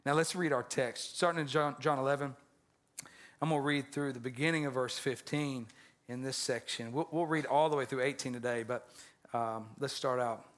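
A man's voice: medium pitch, steady tone, normal speed, a bit bright. A man preaching a conversational Easter-style sermon as pastor, joking with the congregation and often restarting his words.

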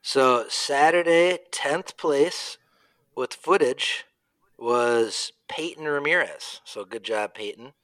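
Taking it slowly in a medium-pitched voice, this podcast co-host chats casually in a race recap, recorded dry. His storytelling is animated and full of laughter, and he performs both sides of every conversation.

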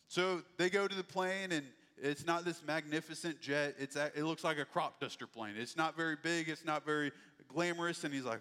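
A man's voice: fairly high pitch, brisk. Storytelling male preacher in an echoey hall. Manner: animated storyteller acting out quoted voices. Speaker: pastor. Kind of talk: sermon storytelling. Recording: echoey hall with long reverb.

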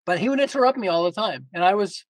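Guest male, high voice, emphatic and lively, tells stories, dry close sound. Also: fast, no room sound, poor audio. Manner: emphatic, lively storyteller with frequent restarts. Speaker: guest author. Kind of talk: casual interview talk.

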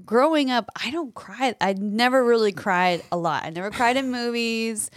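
A woman in her thirties telling stories in a casual podcast chat, animated and laughing often. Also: fairly high pitch, normal speed, no room sound, clean studio sound. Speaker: podcast co-host.

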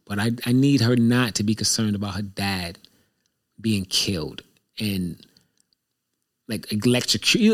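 A man's voice: lowish voice, unhurried, long pauses, fairly bright tone. A man hosting his own show, talking in a casual, reflective monologue that rambles and repeats itself candidly. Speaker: show host.

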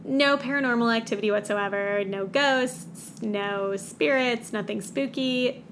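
A woman's voice: on the high side, unhurried, fairly bright tone, slight background noise. A woman co-hosting a casual book chat podcast, giving wry, exasperated commentary. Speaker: podcast co-host.

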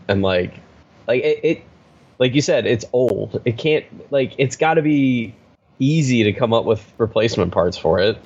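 A man's voice: mid-range voice, animated, normal speed. A man co-hosting a casual podcast in a laid-back way, mostly giving short replies with an occasional longer thought. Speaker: podcast co-host. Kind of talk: casual chat. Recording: dull remote audio.

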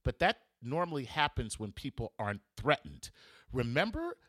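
A male comedian hosts his podcast from home in a casual, joking monologue, full of sarcasm. His pitch swings animatedly up and down. The sound is close and dry. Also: very animated, moderate pace, a bit bright, dry recording. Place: room at home.

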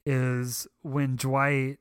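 A man's voice: medium pitch, monotone, very slow, smooth, no echo, studio quality. A young man chatting casually on a podcast, rambling with emotional enthusiasm. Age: young adult. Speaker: podcast co-host.

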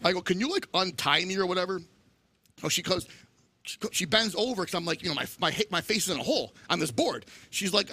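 A middle-aged man telling animated stories in casual chat, acting out the voices of people he quotes. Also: sits high, fast talker, slightly rough. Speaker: guest.

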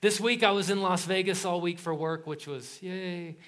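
Middle-aged male pastor, lively sermon storyteller, fairly high voice. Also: normal speed. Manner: animated storytelling with laughs and acted quotes.

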